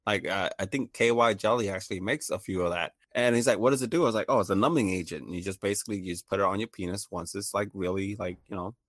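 A man's voice: on the low side, quick pace, hardly any pauses, no echo, studio quality. A man telling a funny story in casual chat, laughing often and acting out the voices of the people in it.

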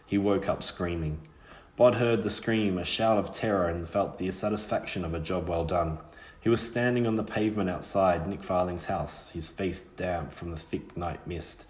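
A man reading a novel aloud in a measured, steady way, with small slips. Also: low-pitched, roomy sound. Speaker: narrator. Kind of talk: audiobook reading.

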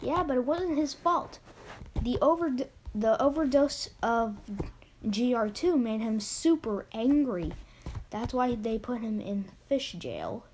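Woman plays sweet kitten boy, high and eager, storybook read-aloud. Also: lively intonation, takes it slowly, a little mellow, slight background noise. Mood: pleading.

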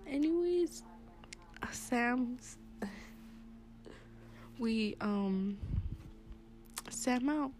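A woman's voice: a little high, expressive, very slow, long pauses, a little mellow, in a whisper. A young woman hosting her own podcast in casual, rambling chat, with plenty of fillers and laughs, recorded while she sits in a classroom. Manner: chatty, rambling, laughs often, many fillers. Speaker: podcast host. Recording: music behind the voice.

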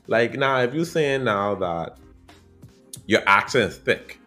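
A man with a Bahamian accent, hosting a podcast in a chatty, expressive monologue that speaks straight to his listeners. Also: medium pitch, slow pace, faint music behind. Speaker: podcast host.

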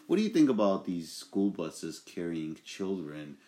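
Man, very low voice, young adult, podcast host, rambling, lots of fillers. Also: sing-song, measured pace, dark tone. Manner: rambling, with many fillers and restarts. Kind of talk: casual podcast chat.

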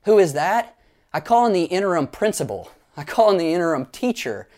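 Animated pastor man preaching. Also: high-pitched, a little fast. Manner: animated storyteller, playful asides, leads the congregation in actions. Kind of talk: sermon.

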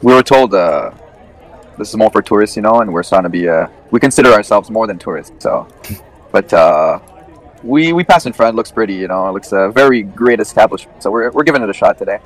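Lively man playing a tabletop game. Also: lowish voice, fairly quick. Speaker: player.

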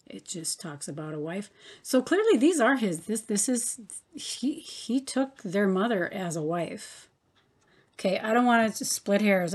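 Woman, Bible study teacher, casual and slow, talks things through with fillers. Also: medium pitch. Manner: slow, thinking aloud with fillers, reading scripture.

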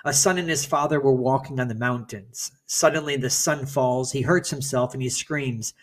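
A man's voice: mid-range voice, moderate pace. A man giving an earnest motivational talk to other men, speaking emphatically and sometimes restarting his phrases.

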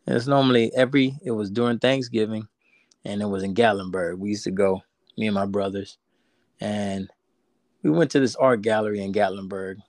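A man's voice: on the low side, steady tone, a little fast, a little mellow, no room sound, studio quality. A man, chatting on a podcast and telling a rambling story with many restarts. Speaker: podcast co-host. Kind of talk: casual podcast chat.

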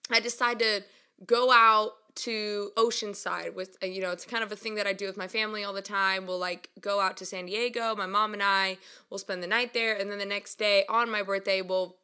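Chatty bright-voiced young woman. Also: mid-range voice, normal speed, smooth. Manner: chatty and self-mocking, laughs a lot; animated, voice jumps up when acting out quotes. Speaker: vlogger. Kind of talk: casual storytelling to camera.

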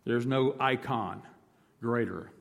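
A male pastor preaching a sermon, swinging from loud emphatic lines to low, hushed ones. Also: slow pace, gravelly, big-room sound.

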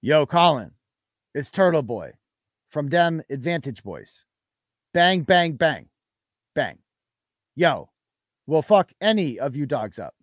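A man's voice: fairly high pitch, very animated, takes it slowly, long pauses, no room sound, studio quality, voice pushed down, full character voice. A man voicing a swaggering, tough-talking street caller with a slangy, exaggerated manner. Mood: mock menacing.

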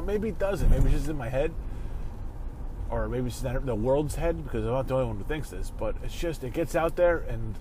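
A man's voice: a little high, a little mellow. Man, show host, ranting in his car, profane, angry outbursts, faint background hum. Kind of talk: casual sports talk rant. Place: in a car while driving.

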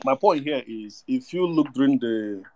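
Halting man in casual chat. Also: medium pitch, expressive, darkish tone, slight background noise. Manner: halting, repeats words, non-native phrasing.

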